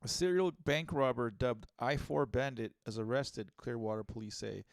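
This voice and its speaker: A man's voice: mid-range voice, normal speed, gravelly, no echo. A man co-hosting a podcast in casual comedic chat, bantering, swearing and reading news loosely. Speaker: podcast co-host.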